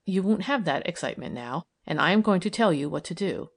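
A woman voicing a brisk, kindly woman parole officer who talks firmly and encouragingly. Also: lowish voice, lively intonation, full character voice. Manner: firm, crisp and encouraging.

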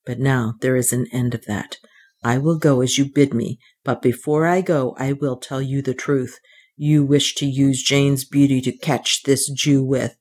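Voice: mid-range voice, steady tone, unhurried, a little mellow, husky. A reader voicing an earnest, proud young man. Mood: defiant. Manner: earnest, restrained. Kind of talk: audiobook reading.

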